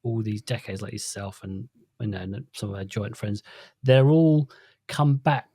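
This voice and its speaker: A man's voice: fairly low pitch, a little slow, dark tone, breathy edge, no echo, clean studio sound. A man co-hosting a podcast, telling stories in a playful, stammering way during casual chat. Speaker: podcast co-host.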